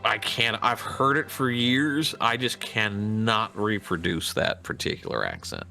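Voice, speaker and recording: A man's voice: on the low side, animated, a little slow, creaky, sharp tone, soft background music. A man with a Midwestern American accent, chatting as a guest on a casual podcast in a rambling, hesitant way. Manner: rambling, hesitant, with many restarts. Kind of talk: casual chat.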